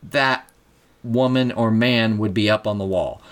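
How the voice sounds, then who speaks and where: A podcast co-host in casual chat, talking haltingly with many restarts as they search for words. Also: medium pitch, a little hiss or hum.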